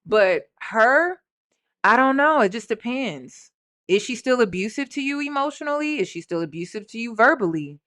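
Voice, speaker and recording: A woman hosts a reaction video and speaks straight to her viewers in a casual, conversational way. Her voice sits a little higher than average. Her remarks are blunt and skeptical. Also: expressive, normal speed, a bit bright.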